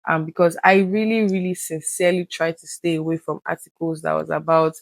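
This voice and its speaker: A woman's voice: sits low, fairly quick, creaky, no echo. Woman, guest, candid conversation, earnest, acts out past talks, dry close sound. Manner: earnest, reenacts conversations with lively quoted voices.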